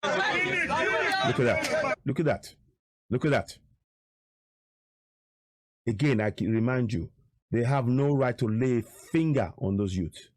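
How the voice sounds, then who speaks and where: A man's voice: mid-range voice, measured pace, long pauses, a little mellow, no echo, studio quality. A man giving emphatic, repetitive, indignant political commentary over video footage.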